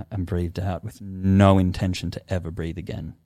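A man talking as a podcast guest, telling a personal story in a lively, casual way, swearing often and acting out his own past thoughts. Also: deep voice, dry recording, clean studio sound.

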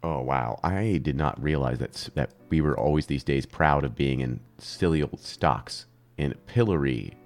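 A man co-hosting a casual podcast chat, rambling and joking, with big jumps in pitch for emphasis. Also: moderate pace, faint music behind. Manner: animated, rambling, jokey, leaps up in pitch for emphasis. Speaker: podcast co-host.

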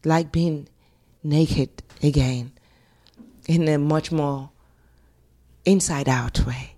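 A middle-aged Nigerian-accented woman with a low voice and drawn-out words, appearing as an interview guest. She's an animated storyteller who scats and acts out quotes in a conversational way.

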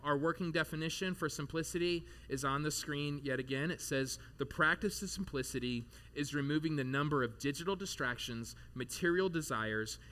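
A man in his thirties delivers a sermon in a church, his voice bright and edged, sitting a little above the usual male pitch. He talks to the congregation in a loose, animated way, tossing in casual asides as he goes. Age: 30s. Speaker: pastor.

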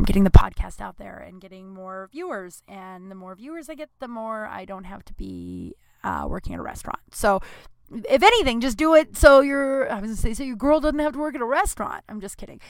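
Smooth-voiced woman, chatty podcast host. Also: medium pitch, a bit bright, no room sound. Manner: chatty, profane, self-deprecating. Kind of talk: casual solo podcast outro.

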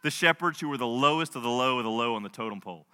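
A man in his thirties, a pastor, preaching a sermon, moving between soft storytelling and impassioned delivery. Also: mid-range voice, racing, smooth. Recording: long hall reverb.

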